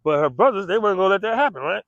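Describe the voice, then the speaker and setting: High-voiced man telling a rowdy street story. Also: expressive, very fast, creaky, fairly bright tone, no room sound, dull audio. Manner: slangy and profane, acting out gunshots and other voices.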